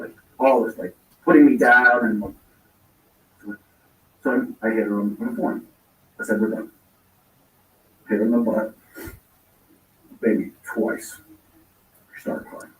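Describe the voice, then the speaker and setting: A man's voice: fairly low pitch, a little slow, pauses often. A man telling a long personal story in casual talk, rambling and acting out the lines he quotes. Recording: roomy echo, distant from mic.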